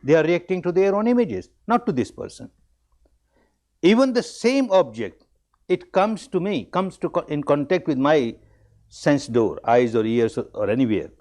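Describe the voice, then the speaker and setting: Lively, repetitive male meditation teacher. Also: fairly high pitch, moderate pace. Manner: repetitive, emphatic, repeats key phrases; animated storytelling. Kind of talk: dhamma discourse.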